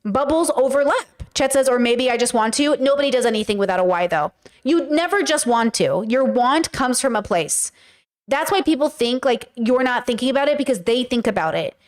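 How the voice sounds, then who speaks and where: A woman's voice: high voice, lively intonation, fairly quick. A woman streaming casual commentary, talking bluntly and with profanity as she tells stories with animation.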